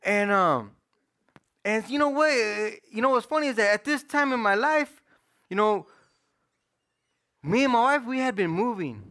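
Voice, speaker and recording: A middle-aged man preaching a personal testimony in casual, slang-filled storytelling that swings between loud and hushed. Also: very high voice, expressive, normal speed, pauses often. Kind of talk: sermon testimony.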